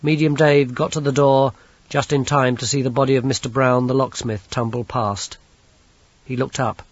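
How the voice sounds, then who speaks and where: Husky male audiobook narrator. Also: medium pitch, flat delivery, no echo. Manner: measured storytelling. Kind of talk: scripted narration. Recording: dull, lo-fi audiobook recording.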